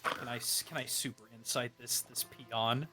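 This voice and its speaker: A man playing in a tabletop game, easygoing and casual, agreeing with quick short replies. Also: mid-range voice, fairly even intonation, pushed and bright, soft background music. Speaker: player.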